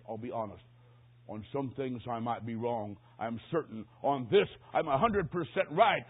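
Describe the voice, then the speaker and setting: A man preaching a sermon with dramatic storytelling that swings from hushed tones to shouting. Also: medium pitch, expressive, moderate pace, slightly rough. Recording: tinny, phone-like recording.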